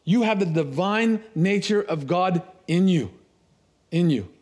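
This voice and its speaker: A middle-aged man preaching a sermon, telling stories with laughs and restarts, animated. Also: high-pitched, unhurried. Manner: storytelling, animated, with laughs and repeated words.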